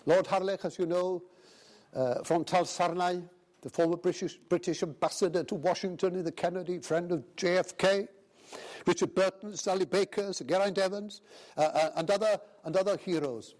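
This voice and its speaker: An older man with a Welsh accent giving an anecdotal festival speech, pausing often with fillers and addressing the chairman. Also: sits high, steady tone, a little mellow. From Wales. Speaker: speaker. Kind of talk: after-dinner speech. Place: festival hall.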